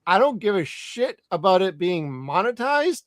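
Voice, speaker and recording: A man's voice: sits high, big pitch swings, moderate pace, a bit bright, no echo. Chatty, swearing podcast host man. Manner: loose and chatty, swears freely. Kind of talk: casual live podcast chat.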